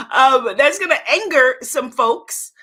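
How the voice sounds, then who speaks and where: A woman's voice: sits high, bright, forceful tone, husky. A woman hosting a casual live-streamed spiritual talk, greeting viewers by name and exclaiming happily, recorded at home on a computer or phone mic. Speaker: host of a livestream spiritual talk. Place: at home in New York City.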